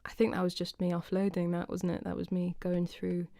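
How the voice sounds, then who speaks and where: A woman's voice: fairly low pitch, monotone, fairly quick, creaky, warm tone, dry recording, studio quality. A young woman from the UK hosting her weekly live stream, chatting casually and self-deprecatingly with viewers, greeting them by name and rambling through stories. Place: home, indoors.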